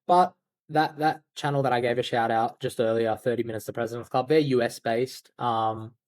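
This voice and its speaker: A man's voice: mid-range voice, fairly even intonation, moderate pace, a little mellow, no room sound. A man talks candidly and loosely as a podcast guest, dropping the odd swear word and plenty of "like." His voice sits in an ordinary middle range, and the recording is dry and close with no room sound. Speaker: podcast guest, outbound sales agency founder. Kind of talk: casual interview talk.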